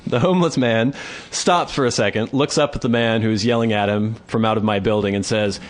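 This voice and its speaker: A man's voice: on the low side, moderate pace. A man co-hosting a podcast and telling a comic story, acting out the people he quotes. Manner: animated storyteller who acts out the people he quotes. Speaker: podcast co-host. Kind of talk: casual comedic storytelling.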